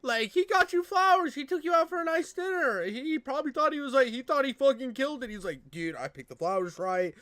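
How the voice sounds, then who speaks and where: High-voiced crude male reaction host. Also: quick pace, hardly any pauses, no echo. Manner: loud, profane, mocking, swings from shouts to mutters. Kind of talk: crude comedic reaction commentary.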